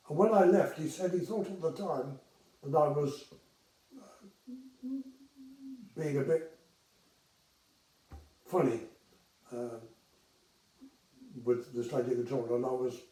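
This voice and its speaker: A man's voice: mid-range voice, slow, pauses often, dark tone, reverberant, recorded from a distance, rough recording. An older man casually telling stories from his career, chatty with hesitations and acted-out dialogue. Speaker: retired air traffic controller telling anecdotes. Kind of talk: casual storytelling.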